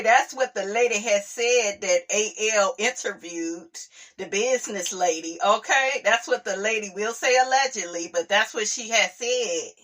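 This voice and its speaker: A woman talks through celebrity gossip in a loose, chatty commentary and laughs readily. Her voice swings up and down with lots of lift, and her tone is bright. She drawls along at an unhurried pace. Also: mid-range voice. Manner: chatty, often says "honey" and "okay", laughs readily. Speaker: host.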